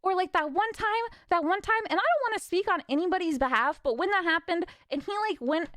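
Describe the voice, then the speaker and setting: A young woman streamer ranting casually, frustrated and swearing with nervous laughs, her voice a little raspy from talking. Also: extremely high pitch, lively intonation, a little fast, a bit bright, dry recording, studio quality.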